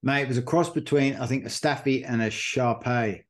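Brief: podcast host, rambling, casual storyteller, average pitch. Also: male voice, moderate pace. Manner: rambling storyteller with many fillers. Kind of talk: casual chat.

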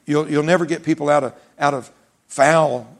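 A man's voice: on the high side, fairly even intonation, moderate pace. A man preaching a sermon in an emphatic, repetitive way, mixing in folksy humor.

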